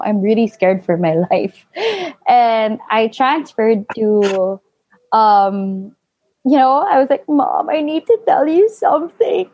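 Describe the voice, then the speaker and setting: A young woman telling a personal story in casual chat, full of fillers and animated quoting. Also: fairly high pitch, no echo. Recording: dull lo-fi, dry.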